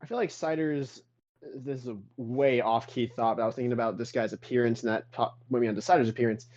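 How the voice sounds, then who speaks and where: A man's voice: medium pitch, steady tone, fast talker, darkish tone, no room sound. A man playing a tabletop game, talking casually and rambling through his thoughts. His voice sits in a middle range, and the call audio sounds dull and lo-fi. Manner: rambling, full of "like" and restarts. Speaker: player.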